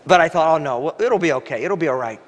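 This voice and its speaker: Male pastor, high voice, animated sermon storyteller, occasional cough, long hall reverb. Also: quick pace. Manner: animated storytelling, voice rising high when quoting himself. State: coughing now and then.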